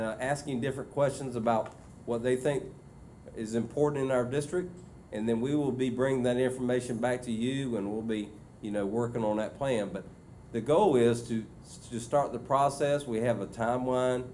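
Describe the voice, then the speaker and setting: A man's voice: mid-range voice, warm tone, a little hiss or hum. Man giving a meeting report. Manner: conversational, many fillers and restarts. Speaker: school superintendent. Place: meeting room.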